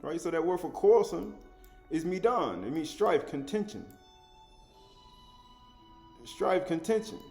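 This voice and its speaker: A man's voice: on the high side, lively intonation, a little slow, vocal fry, pauses often, a little mellow, soft background music. A man giving an informal spoken Bible study, chuckling often, repeating words and asking the listener "right?" as he goes. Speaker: scripture teacher.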